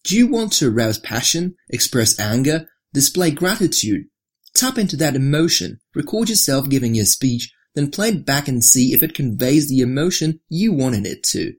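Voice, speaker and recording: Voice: sing-song, normal speed, slightly rough. A narrator reading an article aloud in a scripted style, dropping the voice on each attribution. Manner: reads with marked rises and drops, lower for attributions.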